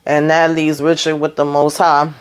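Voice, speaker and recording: Fields: Sex: woman. Role: TV recap host. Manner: chatty, slangy retelling. Style: casual episode recap. Pitch: medium. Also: normal speed, clear, resonant tone. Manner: animated retelling, slangy asides, acts out characters' quotes.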